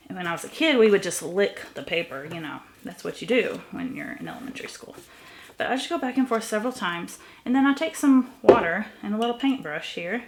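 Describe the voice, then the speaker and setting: A woman's voice: medium pitch, slight background noise. A middle-aged woman chatting casually as she walks through a craft tutorial, a little sniffly from allergies. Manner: chatty, relaxed, thinking aloud. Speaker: craft vlogger.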